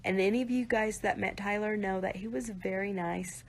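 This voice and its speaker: A woman's voice: mid-range voice, fairly even intonation, normal speed. A woman on a live stream, talking to viewers in an earnest, direct way and often saying "you guys" and "like". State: near tears at times.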